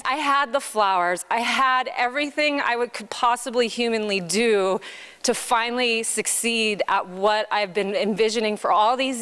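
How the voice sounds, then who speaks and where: A woman who owns a farm, speaking in a news interview and telling her story in an animated, emphatic way. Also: mid-range voice, clean tone. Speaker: farm owner.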